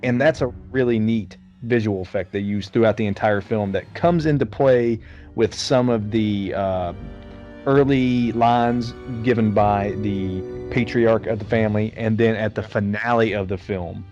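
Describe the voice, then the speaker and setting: A man's voice: lowish voice, fairly even intonation, unhurried, darkish tone, dull audio, faint music behind. A man co-hosting a casual movie podcast, recapping the plot as a story and swearing casually. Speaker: podcast co-host. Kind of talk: casual movie chat over beers.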